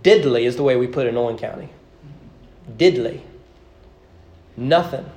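A man preaching a sermon in a church sanctuary, earnest and emphatic, with stuttered restarts and slow, stressed endings to his phrases. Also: mid-range voice, mellow. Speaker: pastor.

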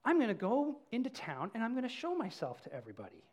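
A man voicing a proud male donkey who is furious at being ignored and shouts to be noticed. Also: extremely high pitch, wildly swooping pitch, fast, pitched above the performer's own voice, heavily acted. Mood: smug. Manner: cross, shouting in a raised voice. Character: proud indignant male donkey, craving attention.

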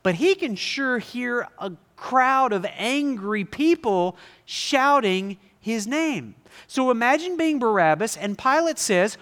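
A man preaching a sermon to a congregation, animated, asking them questions and acting out scenes. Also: very high voice, slow pace, clean tone. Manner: animated, asks the audience questions and acts out scenes. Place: large hall before a live congregation. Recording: long reverb in a large hall.

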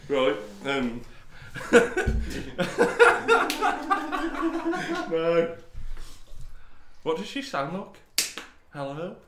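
A young man in casual banter as a podcast co-host, jokey and quick to put on silly voices. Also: sits high, huge pitch swings, crowd noise. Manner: jokey, puts on silly voices, laughs often. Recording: echoey room with clear background noise.

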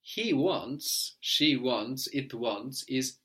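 Male tutor with a mid-pitched voice, patient and prompting, spells words out letter by letter, checks in with "no?". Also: animated, drawn-out words, fairly bright tone. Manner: often ends with a checking "no?". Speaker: language teacher. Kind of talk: guided language lesson.

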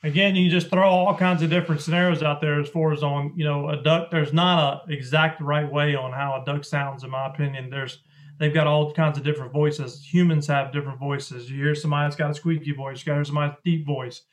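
A man's voice: fairly high pitch, fairly even intonation, a little fast. A man, a duck call maker explaining calling technique in a rambling, folksy way during a podcast interview.

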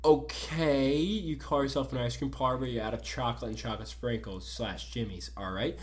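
A man with a South Jersey accent, co-hosting a podcast in casual chat, telling a story in a loud, ranting, swearing way. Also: mid-range voice, fairly even intonation, brisk, reverberant. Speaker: podcast co-host.

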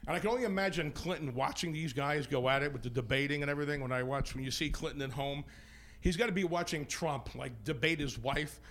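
Brash, bright-voiced comic. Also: male voice, fairly high pitch, slight background noise. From Ireland-descended American? no. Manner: brash, rapid jokey delivery with asides. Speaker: stand-up comedian guest. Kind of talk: stand-up comedy set. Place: local TV studio.

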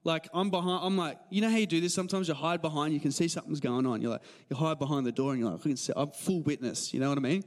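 A male pastor in his thirties with an Australian accent, giving a casual, animated sermon full of stories and laughs. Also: a little high, very fast, few pauses, big-room sound. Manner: conversational, animated storytelling with laughs. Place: church hall.

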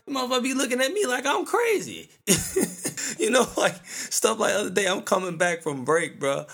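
A man's voice: high voice, very animated, normal speed, vocal fry, fairly bright tone. A man in his thirties hosting a podcast, ranting casually in a profane, slangy storytelling way. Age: 30s. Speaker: podcast host.

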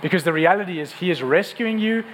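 A man's voice: high voice, fast talker, fairly bright tone, slight background noise, rough recording. A male pastor giving a sermon to a congregation in a room, in an earnest, conversational way that often repeats words.

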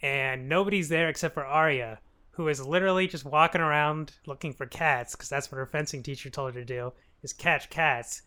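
This man co-hosts a podcast, casually recapping a TV show while laughing a lot and voicing characters in rapid quoted lines. His voice is a little high, bright and smooth, with a forceful tone.

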